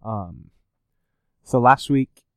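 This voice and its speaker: A young man co-hosts a relaxed podcast, ribbing his friend and laughing easily. His voice sits at a middle pitch and is recorded dry, with no room sound. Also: extremely slow, clear, resonant tone, no echo. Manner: teasing, laughs often. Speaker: podcast co-host. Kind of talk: casual chat.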